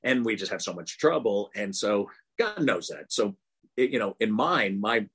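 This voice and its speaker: A man's voice: on the low side, sing-song, moderate pace, a bit bright, breathy edge. An older man from Texas, a guest author telling stories in an earnest, rambling way. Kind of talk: casual interview talk.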